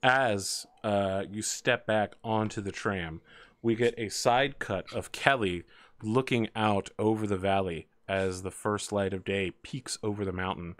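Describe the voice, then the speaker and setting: Brief: casual game-master narrator, low voice, dry sound. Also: male voice, steady tone, measured pace, no room sound. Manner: casual, many fillers like "uh" and "like".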